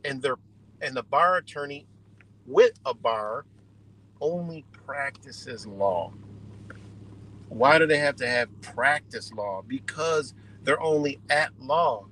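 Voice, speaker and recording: A man's voice: mid-range voice, lively intonation, takes it slowly, a bit bright, slight background noise, poor audio. A man hosting a live stream, ranting bluntly and exasperatedly with heavy swearing. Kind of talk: profane ranting commentary.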